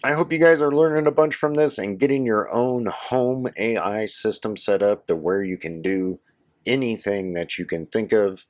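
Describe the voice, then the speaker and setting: Man, very deep voice, hoarse from a cold, casual tech tutorial host. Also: moderate pace. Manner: casual, instructive, addresses viewers as guys. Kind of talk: screen-share tutorial walkthrough.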